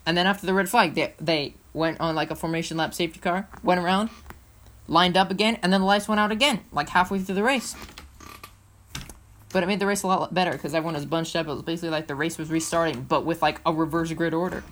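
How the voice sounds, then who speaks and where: Excitable low-voiced woman podcaster. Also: fast talker, a little hiss or hum. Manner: excitable, rambling, playful. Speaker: co-host. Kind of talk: casual motorsport podcast chat.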